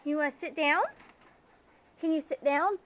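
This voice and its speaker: A woman speaks to her toddler in a gentle, coaxing sing-song. Her voice sits well above the usual range for a woman. It's the patient, encouraging talk of a parent in a casual home recording. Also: high-pitched, normal speed. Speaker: mother. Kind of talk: home video baby talk.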